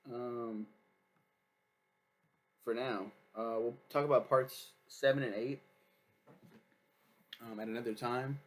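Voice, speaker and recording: A man talks through a TV series in an unscripted review. He rambles and swears freely, piling up fillers as he goes. His voice sits at an ordinary middle pitch. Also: steady tone, slow pace, long pauses. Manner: rambling, profane, lots of fillers. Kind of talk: casual review chat.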